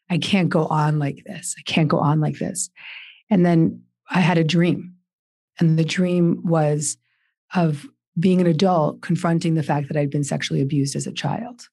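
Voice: medium pitch, creaky, darkish tone, breathy edge, no echo. Earnest storyteller with a dry, close sound. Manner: earnest, emphatic, repeats words for stress. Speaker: guest author. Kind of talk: personal storytelling in a podcast interview.

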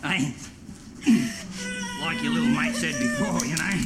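An actor playing a sadistic middle-aged Australian killer in a film, drawling mocking taunts. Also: male voice, very high-pitched, huge pitch swings, a little slow, loud music behind the voice, full character voice. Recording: noisy, roomy film clip.

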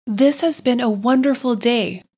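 A woman's voice: a little high, a little slow, a little mellow, husky, voice pushed up. A woman voicing a wide-eyed young mole. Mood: delighted. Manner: eager, breathless exclaiming. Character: timid, wide-eyed young male mole, new to river. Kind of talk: storybook character voice.

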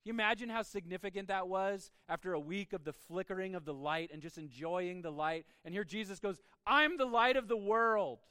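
High-voiced male pastor preaching. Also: brisk, hardly any pauses, a bit bright, smooth, dry recording. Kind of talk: sermon.

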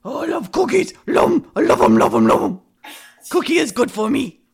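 A woman doing a gleeful furry cartoon monster who is wild about cookies. He has a higher, louder voice and gruff, broken-English chants. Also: huge pitch swings, brisk, full character voice. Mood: greedy, gleeful. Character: gluttonous furry male cookie-loving monster.

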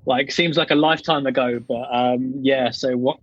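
A British-accented man chats as a podcast guest over a remote line, relaxed and a little hesitant. His voice sounds dry and somewhat dull, with a lo-fi edge. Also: medium pitch, moderate pace, no echo. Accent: British English. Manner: laid-back, hesitant, many fillers. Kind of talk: casual podcast interview. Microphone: remote call over the internet.

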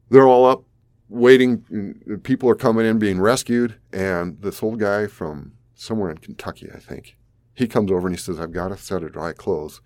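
A low-pitched man in his sixties from South Dakota, interviewed as a flood survivor, tells a vivid personal story and chuckles now and then. There's no echo on the recording.

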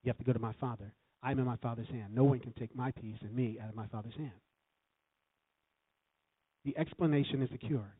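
A man's voice: medium pitch, a little fast, pauses often, breathy edge. A man preaching as a guest in a church, calling for responses from the congregation. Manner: lively, calls for congregation responses. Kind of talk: sermon. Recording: tinny phone-like sound.

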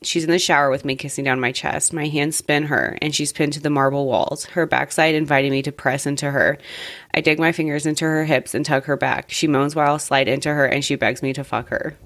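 A woman co-hosting a podcast, reading explicit fan fiction aloud in a steady first-person narration. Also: low voice, dry recording. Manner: unhurried first-person reading with an aside in her own voice. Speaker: podcast co-host.

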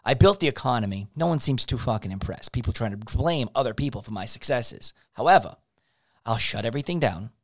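A man's voice: mid-range voice, lively intonation, brisk, no echo, studio quality, voice pushed down. A man putting on the voice of a boastful, profane male president laying out a scheme. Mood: scheming.

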